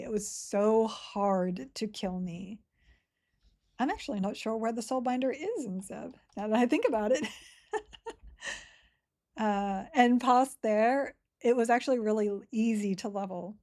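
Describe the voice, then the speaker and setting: A woman in her forties from Sydney with an Australian accent softened by years in America, chatting casually with her audience while she plays a game and answering chat between moves, her throat a bit dry. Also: medium pitch. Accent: Australian, partly Americanized. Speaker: game streamer. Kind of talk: casual live-stream commentary while playing.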